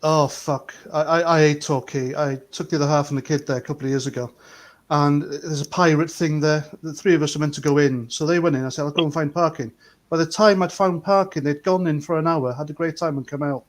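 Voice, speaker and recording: Male guest, sweary grumbler, voice sitting a bit high. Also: fairly even intonation, fairly quick. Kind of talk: casual livestream chat.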